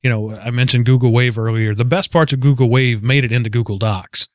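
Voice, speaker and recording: A man's voice: medium pitch, steady tone, fairly quick, no echo, clean studio sound. A man hosting a tech podcast, talking casually with a teasing, joking manner. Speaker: podcast host. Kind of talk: casual chat.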